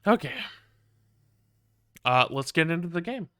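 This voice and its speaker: A man's voice: on the high side, expressive, unhurried, fairly bright tone, dry recording, clean studio sound. A man streaming a game, chatting casually and ranting with plenty of profanity and wry asides. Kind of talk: casual gameplay commentary.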